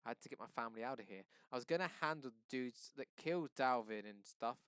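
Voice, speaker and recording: A man reading aloud and voicing a frightened teenage boy who speaks in a rushed, pleading way. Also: expressive, fairly bright tone, clean tone, dry recording, natural voice. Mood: desperate. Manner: pleading, rushed and raised in pitch. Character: scared, desperate teenage boy.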